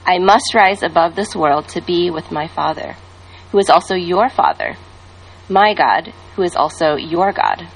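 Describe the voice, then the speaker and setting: Brief: woman reading Jesus's words, gentle solemn storybook voice, slightly low. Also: expressive, a little slow, vocal fry, breathy edge, full character voice, low-quality recording. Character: gentle risen teacher, a man.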